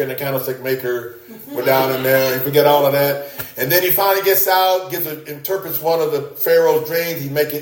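Animated preacher man in an echoey room. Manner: animated, rising high for emphasis, repeats words. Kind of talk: sermon.

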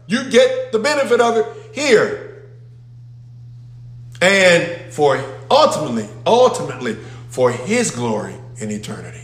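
An emphatic male pastor delivers a sermon in an echoey sanctuary before his congregation, calling out to them. His voice is high, swinging widely in pitch, and his pace is measured.

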